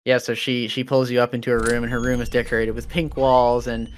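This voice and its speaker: A man's voice: mid-range voice, a little fast, a little hiss or hum. Male game master narrating a tabletop game. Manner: relaxed, explaining rules, many fillers.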